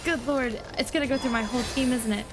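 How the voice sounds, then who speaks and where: A young woman streaming a game, chatting excitedly to viewers and repeating herself when flustered. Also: a little high, fast, music in the background. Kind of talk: casual gaming stream chat.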